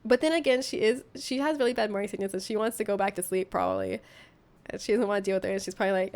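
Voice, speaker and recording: A woman's voice: mid-range voice, racing, a little mellow. A young woman streamer chatting casually and reacting to posts and chat, giggling often. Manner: chatty, giggles often, jumps into silly voices.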